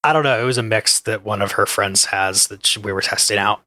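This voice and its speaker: A man's voice: fairly low pitch, brisk, sharp tone, no echo, studio quality. A man co-hosting a podcast in casual chat, joking and easygoing. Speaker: podcast co-host.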